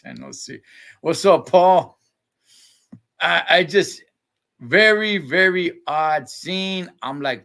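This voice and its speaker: A man co-hosting a live TV recap, talking casually, animated and laughing often, trailing off mid-sentence. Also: fairly high pitch, slow, long pauses. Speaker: show co-host.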